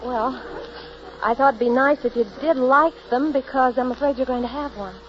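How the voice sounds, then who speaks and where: A woman's voice: sits high, moderate pace, lightly acted. An actress playing an affectionate young newlywed woman in an old radio drama. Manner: soft, tender. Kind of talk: 1940s radio acting. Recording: muffled old radio recording.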